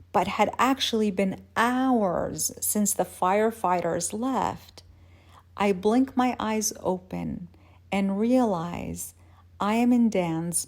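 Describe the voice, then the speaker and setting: A woman telling a personal story slowly and carefully, at a middle pitch. She lifts into a higher, louder voice when she acts out her own confused and excited words. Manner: unhurried, measured narration.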